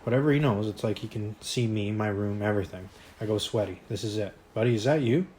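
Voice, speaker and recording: A man narrating a first-person novel in a quiet, measured way, with occasional slips. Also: fairly low pitch, fairly even intonation, a little hiss or hum, low-quality recording. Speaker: audiobook reader.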